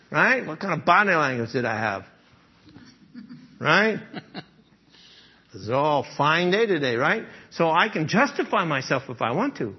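A pastor preaches conversationally, chuckling often and regularly checking in with "okay?" and "right?". His voice is fairly high with a breathy edge, and the highs are cut off.

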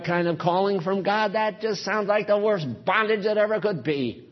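Man, sermon, emphatic, husky, slightly high voice, muffled lo-fi sound. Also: moderate pace. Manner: earnest, emphatic, swings loud and soft. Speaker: preacher.

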